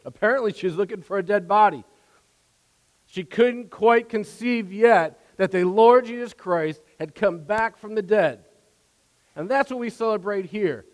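A man's voice: sits high, long reverb tail. A man preaching a sermon as pastor, casual and full of fillers, building in force.

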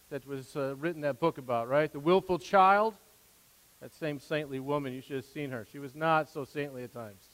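Fairly high in pitch and fairly bright in tone, a male pastor gives a sermon from the pulpit. He is earnest and conversational, with asides and emphasis that rises as he goes, and the church sanctuary lends the recording a long hall reverb.

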